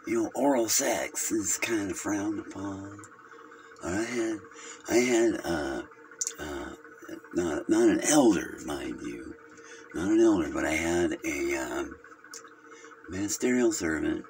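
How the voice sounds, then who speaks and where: A man's voice: low voice, slight background noise, full character voice. A man playing a rambling, gossipy male Jehovah's Witness who halts, hums and giggles at his own crude jokes in an improvised comedy monologue.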